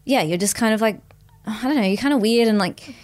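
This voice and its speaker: A woman's voice: on the high side, fairly quick. A woman in her thirties co-hosting a comedy podcast, rambling and mock-defensive in an improvised bit. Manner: rambling, deadpan, mock-defensive, makes silly sound effects.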